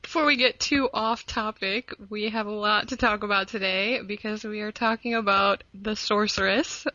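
A woman's voice: medium pitch, steady tone, moderate pace, bright, forceful tone, dry recording, lo-fi sound. A woman hosting a casual book podcast, laughing often as she chats. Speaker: podcast host.

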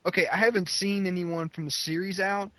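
A man's voice: sits high, fairly even intonation, a little fast, sharp tone, no echo, poor audio. A man chatting as a podcast co-host. He laughs often and trips over his words, restarting sentences as he goes. His voice is close and dry, with no room sound. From West Virginia. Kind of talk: casual chat.

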